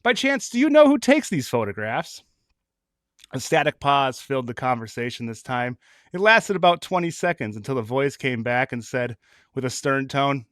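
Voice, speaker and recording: Animated man reading a comic story. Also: medium pitch, moderate pace, dry recording, studio quality. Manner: animated, mock-dramatic, laughing often. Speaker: reader of comic stories.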